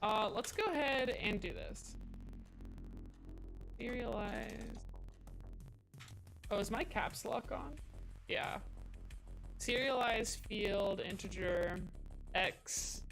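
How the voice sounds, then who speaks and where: Woman streamer, casual coding chat, rambling and thinking aloud, unhurried pace, soft music behind. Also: mid-range voice. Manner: chatty, rambling, thinking aloud with many fillers.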